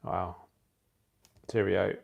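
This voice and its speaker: A man's voice: sits low, little pitch movement, extremely slow, gravelly, a little hiss or hum. A man in his forties, tired and joking with viewers during a casual livestream he runs from his phone. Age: 40s. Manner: jokey, chatty, laughs at his own jokes. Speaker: aquascaping channel host. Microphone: phone used for the livestream.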